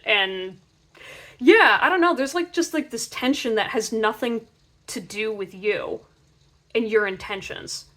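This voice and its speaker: A young woman giving a casual pick-a-card tarot reading in a chatty, animated way, full of filler words. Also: fairly high pitch, normal speed.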